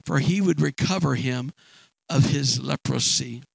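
This is a hopeful little servant girl who pleads in a sing-song lilt, as a preacher raises his voice for her. The tone is gravelly and dry. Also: mid-range voice, unhurried, no room sound, pitched below the performer's own voice, exaggerated voice, poor audio. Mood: pleading.

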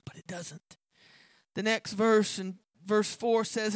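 A preacher delivering an impassioned sermon, building to shouts, then reading scripture lower and quieter. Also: steady tone, takes it slowly, no echo. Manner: impassioned, rising to shouts on key points.

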